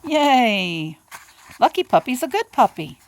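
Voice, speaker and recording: A woman's voice: a little high, lively intonation, moderate pace, fairly bright tone. A woman reading a children's picture book aloud, doing voices for the characters and adding little asides to her listeners. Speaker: storybook reader.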